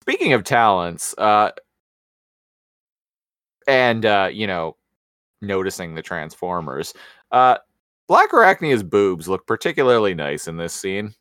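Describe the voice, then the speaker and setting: A man's voice: lowish voice, sing-song, a little slow, long pauses, a bit bright, no echo, studio quality. A man co-hosting a casual chat, making wry joking asides. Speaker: podcast co-host.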